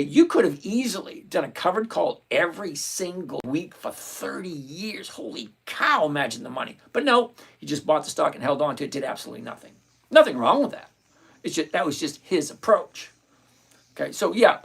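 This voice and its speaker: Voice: medium pitch, creaky, a bit bright, breathy edge. A livestream host chatting casually about covered calls, joking and greeting viewers by name. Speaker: livestream host on stock options. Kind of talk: casual live chat, reading viewer names.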